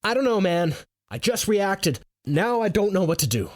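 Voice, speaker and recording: A man's voice: high-pitched, sing-song, normal speed, voice pushed up. A man voicing a frightened young man who panics and swears. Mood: panicked. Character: frightened young man caught holding snakes.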